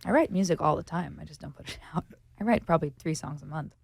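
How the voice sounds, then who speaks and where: A woman in her twenties, a guest actress in a casual chat, telling jokey stories with laughs and quick voices for the people in them. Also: sits low, vocal fry, a little mellow, husky, no echo. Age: 20s. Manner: jokey, laughing, acts out other people's lines.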